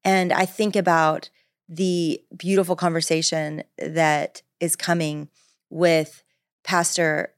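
A woman teaching through a Bible passage in an animated, lively way. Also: slow pace, no echo, clean studio sound. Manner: lively, animated, acts out Paul's voice with big pitch jumps.

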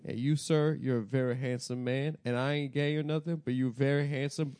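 A man's voice: mid-range voice, fairly even intonation, fairly quick, a little mellow, clear, resonant tone, no echo. A man telling a self-deprecating street anecdote in a casual podcast chat. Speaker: podcast co-host. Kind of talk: casual storytelling.

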